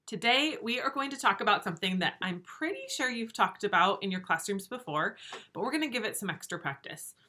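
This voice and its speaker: A woman teaching first graders a recorded lesson from her empty classroom, speaking slowly, patiently and encouragingly to small children. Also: medium pitch, animated, bright, forceful tone. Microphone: camera.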